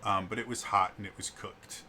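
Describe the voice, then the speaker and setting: A man narrating as game master of a tabletop game, talking in a halting, stumbling way. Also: on the low side, steady tone, sharp tone, a little hiss or hum.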